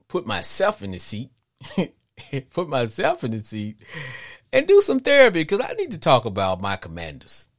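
A middle-aged man from Arkansas hosting a call-in sports podcast, talking in an animated, rambling way with frequent restarts. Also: medium pitch, no echo, studio quality.

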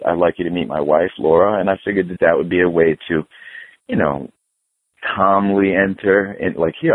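A man's voice: deep voice, no room sound. A middle-aged man and punk musician, casually telling a profane story and acting out the dialogue. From New York. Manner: profane, animated storyteller who acts out dialogue. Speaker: guest, hardcore punk musician. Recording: phone-like dry remote audio.

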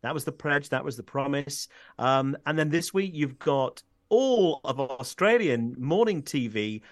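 A man's voice: mid-range voice, expressive, unhurried, no room sound, clean studio sound. A man hosting a casual political discussion, chatty and opinionated, often restarting his sentences. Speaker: podcast host.

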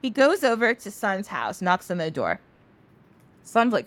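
Animated woman telling a myth casually. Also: fairly high pitch, moderate pace, no echo. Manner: animated, casual, swears freely. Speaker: podcast host.

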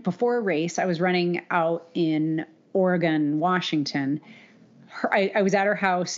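A middle-aged woman co-hosting a casual podcast, chatty and laughing often as she talks. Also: on the low side. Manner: chatty, laughs often, puts on mock voices. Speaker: podcast co-host. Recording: dull lo-fi audio.

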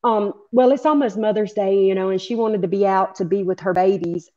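A woman's voice: mid-range voice, a little fast, warm tone, lo-fi sound. A woman being interviewed as the mother of a victim, speaking bluntly and angrily with plenty of swearing. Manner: blunt, angry, profane. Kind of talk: interview, recounting events.

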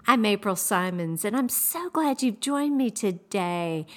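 A woman's voice: medium pitch, expressive, a little slow. Upbeat woman hosting an inspirational podcast. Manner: warm, upbeat, encouraging, with soft whispered asides. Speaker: podcast host. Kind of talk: inspirational devotional talk.

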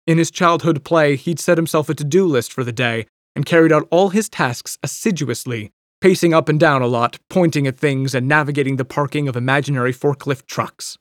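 A man's voice: on the high side, a little fast, no echo. Male audiobook narrator, dry storytelling read, no room sound. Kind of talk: scripted narration.

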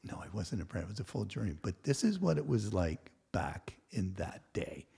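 A man's voice: on the low side, brisk, vocal fry, husky. A man in his sixties, a podcast guest, telling a work story in casual chat, acting out the people he quotes and swearing freely. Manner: animated storyteller who acts out quotes, laughs and swears.

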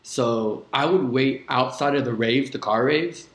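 A man's voice: medium pitch, measured pace, a bit bright. Young man telling stories, echoey room. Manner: loose, swears a lot, many "like" fillers. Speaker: DJ guest. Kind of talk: casual podcast storytelling.

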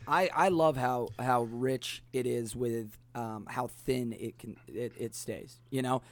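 A man's voice: mid-range voice, slow. A man hosting a casual cocktail podcast, talking in a rambling way with many fillers. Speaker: podcast host. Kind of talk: casual chat about cocktails.

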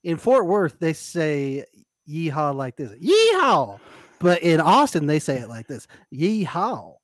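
A man's voice: fairly high pitch, moderate pace, no room sound. A man co-hosting a casual podcast, playfully recapping a reality show with frequent laughter. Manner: animated, playful, laughs often. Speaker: podcast co-host.

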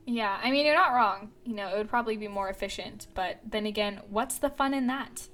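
A woman's voice: mid-range voice, a little fast, fairly bright tone. A young woman with a Southern California accent, co-hosting a podcast in casual, chatty talk full of fillers and giggles. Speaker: podcast co-host. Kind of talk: casual chat.

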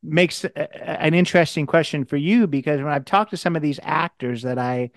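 Guy hosting a podcast, smooth clear voice, kinda high, dry sound. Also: a little fast, no room sound. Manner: earnest, repeats words when starting. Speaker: podcast host. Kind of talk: interview questions, casual.

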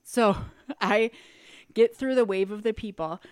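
A woman co-hosting a podcast in casual chat, telling a story with lively energy and acting out quotes in high squeals. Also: measured pace, clear, resonant tone, no echo, clean studio sound. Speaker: podcast co-host.

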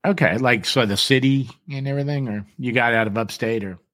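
A man's voice: mid-range voice, fairly quick, fairly bright tone, dry recording. A man hosting a casual live show, teasing his guests and laughing often. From San Diego. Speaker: show host.

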